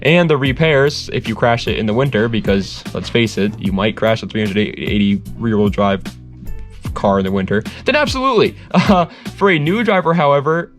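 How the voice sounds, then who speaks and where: A man's voice: lowish voice, moderate pace, soft background music. A young man hosting his own car channel, giving a casual, rambling review and often correcting himself mid-sentence. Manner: rambling, laid-back, self-correcting, laughs often.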